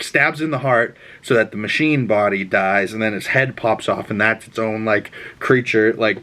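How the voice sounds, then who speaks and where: A young man giving a casual, rambling episode recap, swearing freely and getting openly excited as he talks. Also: on the low side. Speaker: show recap vlogger.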